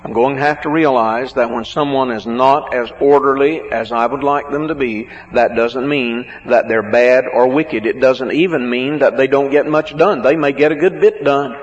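A man preaching a sermon on marriage, slow and emphatic, drawing out words for stress. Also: medium pitch. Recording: muffled, with a long hall echo.

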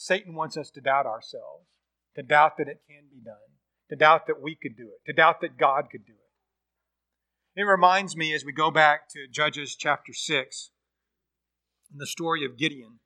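A man's voice: fairly high pitch, moderate pace, long pauses, sharp tone. A man preaching a sermon, telling a story and acting out its dialogue. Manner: storytelling, acts out quoted dialogue.

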